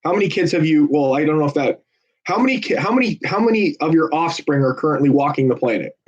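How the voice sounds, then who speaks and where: Talking fast in an animated, slightly high voice, a volunteer works the phone bank while casually livestreaming. His joking, persuasive salesman style plays to both callers and viewers, and the dull, lo-fi recording carries a little hiss or hum.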